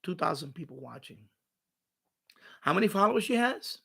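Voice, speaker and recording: A man's voice: high voice, very animated, moderate pace, gravelly, sharp tone, breathy edge. A man hosting a home live stream from his radio room, rambling and ranting with profanity and mocking asides.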